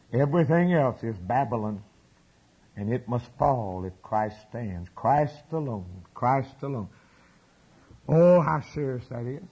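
Fervent preacher man with a husky voice. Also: mid-range voice, poor audio. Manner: fervent, swings from quiet to loud exclamation. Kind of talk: sermon.

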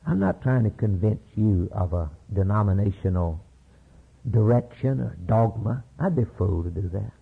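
Husky guy preaching, repeats himself for emphasis, sounds like over a phone. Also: fairly low pitch, expressive, normal speed. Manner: emphatic, repeats key phrases, retells scripture with acted voices. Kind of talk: sermon. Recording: phone-like lo-fi sermon recording.

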